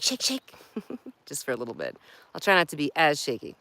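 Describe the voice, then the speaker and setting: A woman's voice: deep voice, wildly swooping pitch, fairly quick, vocal fry, pushed and bright, a little hiss or hum. A woman from New York, a marketing coach, talking directly and chattily to her phone camera outdoors. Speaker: marketing coach and live streamer. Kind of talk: casual talking-head vlog. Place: outdoors by a creek. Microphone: phone held by hand.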